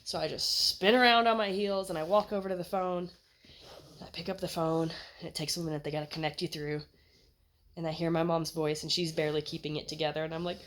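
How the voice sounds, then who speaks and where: A young American woman telling a personal story in a chatty, animated way, laughing as she goes. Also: low voice, fast. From United States. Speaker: vlogger. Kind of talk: casual storytelling.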